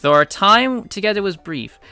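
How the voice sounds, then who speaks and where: Man lightly doing a courtly dying ant king, bright, clear voice. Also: high-pitched, expressive, moderate pace, no room sound, soft background music, pitched above the performer's own voice. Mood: solemn. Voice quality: formal and courtly. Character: solemn loyal ant king, male, dying.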